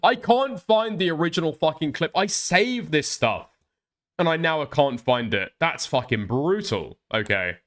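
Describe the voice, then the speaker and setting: A male streamer reacting to clips, swearing freely and sounding openly incredulous. His voice sits a little high and jumps all over in pitch, sliding from mutters to sudden exclamations. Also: unhurried. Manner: profane, incredulous, animated. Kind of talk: reaction commentary.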